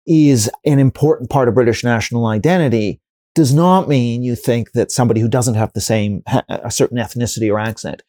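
Dry, mellow-voiced man explaining arguments. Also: medium pitch, a little fast, no room sound. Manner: explanatory, builds arguments with examples and hypotheticals; frequent restarts and fillers while thinking. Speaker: interview guest, professor. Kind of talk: conversational interview answers.

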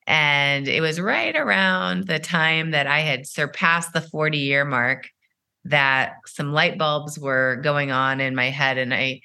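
A middle-aged woman with a low-pitched voice speaks in an interview as a company founder. Her tone is bright and forceful. She explains things in a measured way, often pausing on "uh" and "you know". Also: gravelly. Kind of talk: podcast interview answers.

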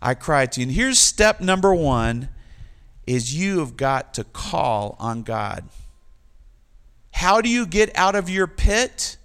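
A man's voice: high-pitched, sing-song, slow, fairly bright tone, smooth. A man preaching a sermon, reading scripture aloud with rising emphasis and dropping into light joking asides to the congregation. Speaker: pastor.

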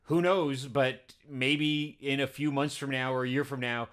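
Guy on a movie podcast, chatty and upbeat, middle pitch, from canada. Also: steady tone, a little slow, a bit bright. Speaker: podcast co-host, cinema programmer. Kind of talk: casual chat.

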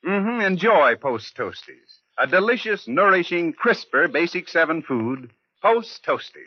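Male old-time radio announcer, smooth upbeat pitch, lively, a bit breathy. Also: a little slow. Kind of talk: 1940s radio announcing and ad read. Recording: lo-fi 1940s radio broadcast with faint music.

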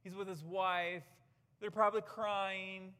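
A man's voice: high voice, flat delivery, slow, sharp tone, smooth. A man preaching a sermon as pastor, earnest and emphatic, asking rhetorical questions. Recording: church hall reverb.

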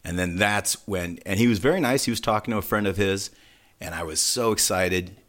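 Low-voiced man telling a rambling story. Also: a little fast. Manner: animated, rambling, self-deprecating. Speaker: podcast co-host. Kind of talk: casual storytelling.

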